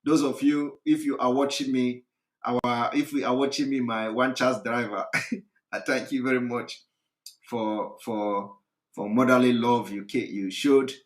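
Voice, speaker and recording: A hoarse man, hosting a live address, talking repetitively with laughs and emphasis. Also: medium pitch, fairly even intonation, a little slow, roomy sound. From Nigeria. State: hoarse, recovering voice. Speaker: host of a live broadcast.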